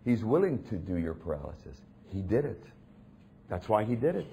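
A man preaching a sermon in a dramatic, emphatic way, dropping low and hushed and then building to loud, intense stretches. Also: sing-song, moderate pace, vocal fry, a little hiss or hum.

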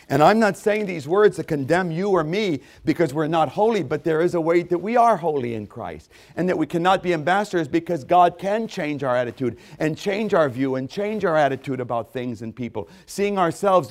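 Preacher man, hushed to booming. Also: expressive, normal speed. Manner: dramatic swings from hushed to booming. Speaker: pastor. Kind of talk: sermon.

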